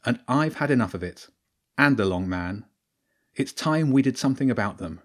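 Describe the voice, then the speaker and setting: Male narrator doing a brave, commanding young girl, high and urgent. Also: lively intonation, moderate pace, lightly acted. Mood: determined. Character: brave young girl, quick-thinking and bossy.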